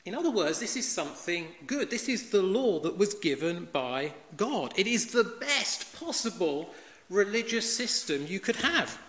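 A man's voice: high-pitched, big pitch swings, a little slow, a bit bright. A man preaching a sermon, emphatic and fond of rhetorical questions. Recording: echoey hall with long reverb.

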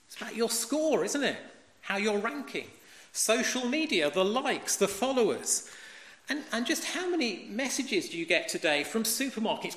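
A man's voice: high-pitched, a bit bright. A man preaching a sermon, emphatic and fond of rhetorical questions. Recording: echoey hall with long reverb.

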